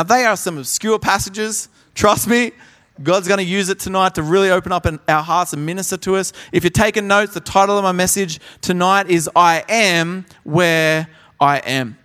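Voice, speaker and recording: A young man delivers a conference sermon, his voice pitched high and full of energy. He slips into other people's voices as he tells his stories. The sound carries a long reverb from a large hall. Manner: animated storyteller, acts out voices. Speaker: pastor.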